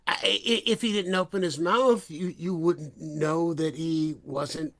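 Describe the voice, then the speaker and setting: A middle-aged man hosting a podcast, his voice sitting a little high for a man. He tells stories with animation and laughs often. The talk is loose and casual. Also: unhurried, creaky. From US, San Francisco Bay Area. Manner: animated storyteller, laughs freely. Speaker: podcast host. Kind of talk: casual chat.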